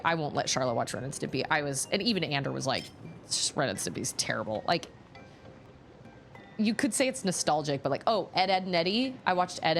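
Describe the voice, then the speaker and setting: A woman's voice: sits low, fairly bright tone, a little hiss or hum. A woman in her thirties streaming a video game, chatting casually and rambling from one thought to the next. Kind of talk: casual chat while gaming.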